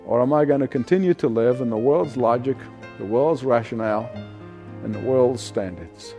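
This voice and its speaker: A man preaching a sermon, telling a story with frequent chuckles and easing into quiet prayer. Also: medium pitch, moderate pace, in a large hall, faint music behind.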